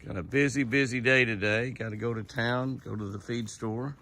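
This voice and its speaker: A man's voice: medium pitch, steady tone, moderate pace, few pauses, pushed and bright, faint music behind. A man hosting an outdoor ranch vlog, chatting easily, laughing often and cooing at the deer he feeds. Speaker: ranch owner and channel host. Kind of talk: casual outdoor vlog narration.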